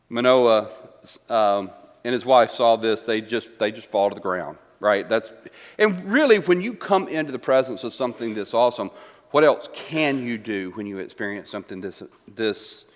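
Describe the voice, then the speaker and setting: In a church room, a man with a medium-pitched voice teaches a Bible class conversationally, paraphrasing verses and repeating key lines for emphasis. He asks rhetorical questions and keeps tagging lines with "right?". The reverberant room gives a long echo.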